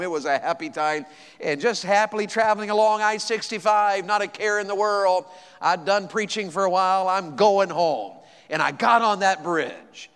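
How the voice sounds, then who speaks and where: A male evangelist telling a folksy, animated story in a sermon, rising to excited exclamations. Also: high-pitched. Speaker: evangelist preacher. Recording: long hall reverb.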